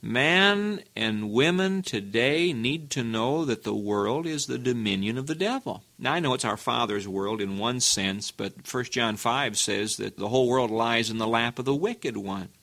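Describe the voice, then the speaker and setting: A man's voice: a little slow, hardly any pauses, fairly bright tone. Emphatic male preacher. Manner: earnest, emphatic, with sudden rises in pitch; asks rhetorical questions. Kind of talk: sermon.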